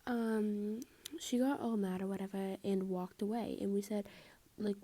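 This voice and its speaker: A woman's voice: medium pitch, little pitch movement, a little slow, dark tone. A teenage girl telling a school drama story in a casual storytime style, chatty and exasperated, filling her talk with "like" and often dropping to a whisper.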